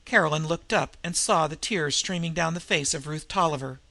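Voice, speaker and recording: A man reading a western novel aloud in measured, plain audiobook narration. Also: a little high, creaky, pushed and bright, no room sound. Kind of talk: scripted narration.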